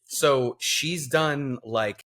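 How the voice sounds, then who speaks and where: A man's voice: mid-range voice, very slow, a bit bright. A laid-back man hosts a casual podcast conversation, his voice sitting in an ordinary middle range. He talks easily and throws in light jokes. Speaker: podcast host; former teacher.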